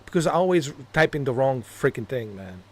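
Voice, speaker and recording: A man's voice: mid-range voice, very animated, fairly quick, slight background noise. A man streaming games, telling rambling stories in casual chat, laughing at his own jokes and cursing freely. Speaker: gaming streamer.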